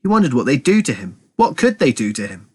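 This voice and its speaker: A man, a teacher, reading a novel aloud to children in steady, clear storytelling narration. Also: medium pitch, fast. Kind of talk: audiobook read-aloud narration.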